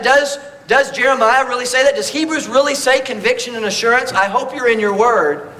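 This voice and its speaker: A male preacher delivering a Sunday sermon, pressing his listeners with one rhetorical question after another. His voice sits high and rings bright and forceful, with a faint hum of the room behind him. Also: rough recording. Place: church service.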